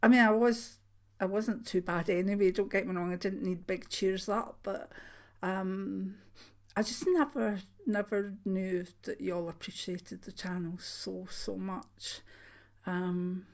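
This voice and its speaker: An older woman with a soft Scottish accent, chatting casually to her channel viewers, rambling with frequent ums and restarts. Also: medium pitch, steady tone, takes it slowly. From Scotland. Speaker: channel host, retired clairvoyant. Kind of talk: casual chat to camera.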